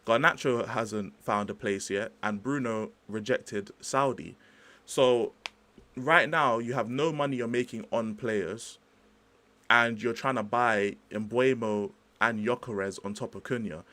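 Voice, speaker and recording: A young man hosts a casual football livestream. He rambles in a chatty, slangy way and keeps cutting in with asides to his chat. His voice sits at an ordinary middle pitch. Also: a little slow, fairly bright tone. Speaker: livestream host.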